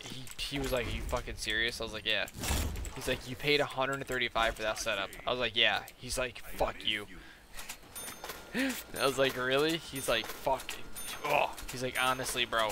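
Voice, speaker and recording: Young guy gaming and rambling, super bright voice, lots of "like", faint hiss in the background. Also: mid-range voice. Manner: rambling, lots of "like" and retold dialogue. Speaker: gaming streamer. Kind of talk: casual chat while gaming.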